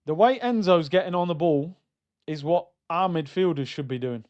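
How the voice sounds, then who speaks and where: A young man reacting live to a football match on stream, swinging between loud outbursts and low muttering. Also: normal speed, highs cut off. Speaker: watchalong streamer.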